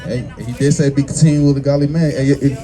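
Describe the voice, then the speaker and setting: A man's voice: mid-range voice, steady tone, racing. Confrontational male street preacher. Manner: forceful, confrontational, repetitive with many fillers. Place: outdoors on a busy street. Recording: busy street crowd noise.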